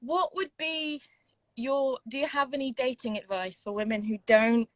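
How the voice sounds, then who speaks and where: A woman's voice: high voice, normal speed, dry recording. A woman in her twenties from England, calling into a live Q&A, hesitant and self-deprecating. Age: 20s. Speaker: caller. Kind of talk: casual live Q&A call.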